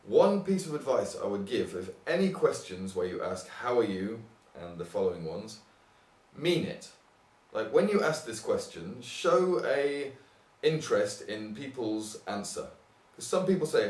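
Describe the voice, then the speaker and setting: Young guy from england teaching english phrases, mid pitch, kinda echoey and far from the mic. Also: unhurried. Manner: lively, acts out example phrases with big pitch jumps. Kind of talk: informal online English lesson. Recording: roomy sound, mic at a distance.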